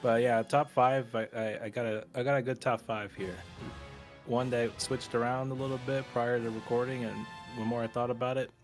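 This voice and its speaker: A man co-hosting a podcast in casual chat, halting and repeating words as he thinks. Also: medium pitch, flat delivery, music in the background. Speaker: podcast co-host.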